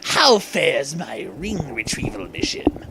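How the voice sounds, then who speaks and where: A man's voice: a little high, big pitch swings, takes it slowly, vocal fry, background noise, exaggerated voice. A man voicing a scheming mad-scientist villain who purrs his lines and gloats with an evil laugh. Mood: purring.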